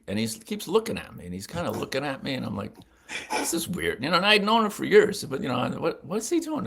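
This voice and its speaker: A man's voice: on the low side, gravelly, fairly bright tone. A man in his sixties, a veteran sportswriter, telling stories in a casual interview and acting out the voices of people he quotes.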